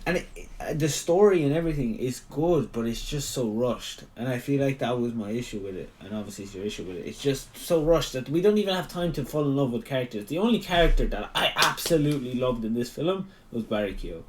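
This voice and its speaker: A man's voice: medium pitch, animated, fast, hardly any pauses. Laughing Irish man chatting casually. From Ireland. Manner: laughs often, hesitant with ums. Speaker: podcast co-host. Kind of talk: casual chat.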